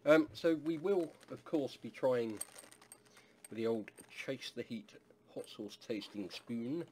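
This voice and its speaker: A man's voice: medium pitch, animated, slow, a little mellow, a little hiss or hum. A man from England casually reviewing a hot sauce, rambling with lots of fillers and asides.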